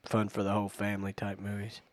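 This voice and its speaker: A man's voice: fairly low pitch, completely flat delivery, fast talker, no echo. A man hosting a podcast, telling jokes and chatting casually with friends. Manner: joking, chatty storyteller. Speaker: podcast host. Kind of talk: casual chat.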